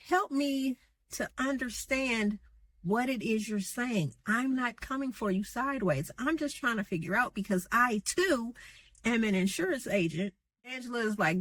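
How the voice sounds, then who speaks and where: A woman's voice: mid-range voice, moderate pace, dry recording. A woman giving a sassy, slangy recap of reality TV gossip, acting out what the cast said. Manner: sassy, animated, slangy, acts out quotes. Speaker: gossip commentator.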